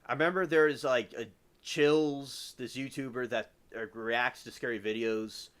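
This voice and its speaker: A man's voice: mid-range voice, steady tone, measured pace, fairly bright tone, smooth. Rambling man hosting a livestream. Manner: rambling, reads chat aloud and answers viewers. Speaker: livestream host. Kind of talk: casual livestream chat.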